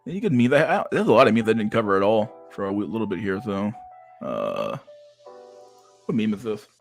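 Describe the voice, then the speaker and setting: A man's voice: fairly low pitch, sing-song, brisk, gravelly, faint music behind. A man casually commenting on memes on a livestream, profane and rambling, with frequent stammered restarts. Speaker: streamer reacting to memes.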